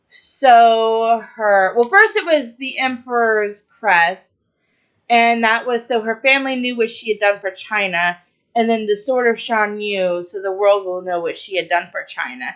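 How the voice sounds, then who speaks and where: A woman co-hosting a podcast casually retells a movie's plot, packing in fillers and quoted lines. Her voice is a little high and a bit bright, and the audio sounds dull.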